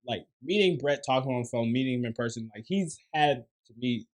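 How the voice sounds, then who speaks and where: Excitable laughing male podcast host. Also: mid-range voice, fairly quick. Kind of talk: casual chat.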